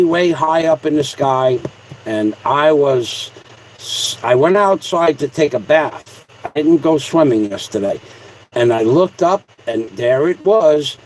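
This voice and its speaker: A man hosting a casual livestream, reading out viewer comments in a rambling, joking way with repeated shout-outs. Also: a little high, a little hiss or hum, low-quality recording. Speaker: livestream host.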